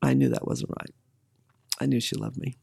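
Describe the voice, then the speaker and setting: A woman's voice: a bass voice, big pitch swings, moderate pace, creaky, dark tone, slightly rough. A middle-aged woman candidly telling a personal story in an interview, with emotion and occasional laughter.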